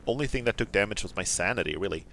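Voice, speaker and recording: A man streaming a video game, commenting casually, excitable, swearing and laughing often. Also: on the low side, racing, a little hiss or hum. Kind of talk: let's play commentary.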